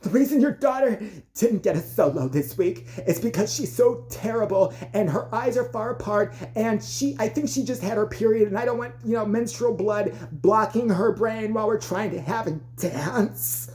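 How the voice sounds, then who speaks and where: A woman playing a bossy, cruel middle-aged dance teacher in a shrill, shouting voice. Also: moderate pace, natural voice. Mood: snide. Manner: barking orders, mocking and over the top.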